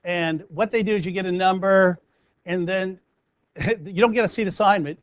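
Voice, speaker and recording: A high-pitched American man coaching performers in a motivational talk, bouncing into little acted-out scenes as he tells stories. The sound is dry and close, a bit muffled and lo-fi. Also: moderate pace, clear, resonant tone, no room sound. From United States. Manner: animated storyteller acting out scenes.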